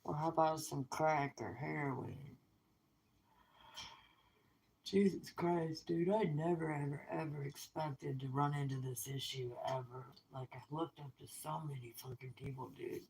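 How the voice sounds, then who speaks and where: A middle-aged speaker with a gravelly, fry-edged voice, ranting straight at the camera. The delivery is blunt and scornful, thick with swearing, at an ordinary middle pitch. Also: steady tone, measured pace, a little mellow, a little hiss or hum, low-quality recording. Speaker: vlogger. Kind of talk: angry profane rant to camera.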